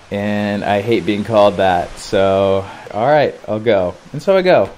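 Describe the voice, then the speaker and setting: Twenties guy telling a wild story, lots of like and dude, kinda low voice. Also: measured pace, few pauses, a little hiss or hum. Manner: animated, slangy, lots of filler "like". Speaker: vlogger. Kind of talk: casual storytelling.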